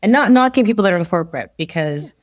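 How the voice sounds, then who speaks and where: A woman's voice: fairly low pitch, expressive, fast, no room sound, studio quality. A woman in her forties, a leadership coach guest, telling her story in casual conversation, acting out quotes and laughing often. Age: 40s.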